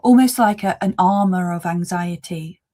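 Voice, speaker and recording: A woman doing a live psychic reading, calm and thoughtful, speaking in gentle flowing phrases. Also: on the low side, moderate pace. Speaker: psychic reader. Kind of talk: live spiritual reading chat.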